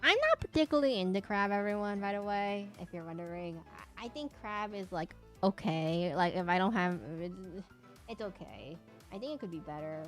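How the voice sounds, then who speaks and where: A woman's voice: mid-range voice, moderate pace, faint music behind. A young woman streamer chatting casually with her viewers while she draws, rambling playfully and humming to herself. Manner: rambling, playful, talks to chat, hums. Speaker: streamer drawing for chat. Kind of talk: casual chat while drawing.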